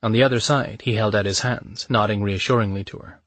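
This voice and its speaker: A man with a lowish voice narrates a romance audiobook in a measured, even storytelling manner, with no echo.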